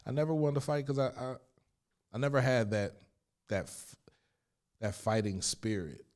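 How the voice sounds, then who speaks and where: As a guest, a middle-aged Chester, Pennsylvania man candidly walks through his life, speaking with emphasis, animation and plenty of street slang. His voice is mid-range and his pace moderate.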